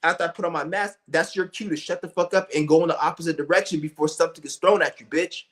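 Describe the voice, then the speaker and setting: Young guy ranting on stream, kinda high voice, swears a lot, keeps restarting his sentences. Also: fairly even intonation, fast talker, a bit bright. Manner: blunt, profane, rambling with many restarts and fillers. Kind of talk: ranting monologue.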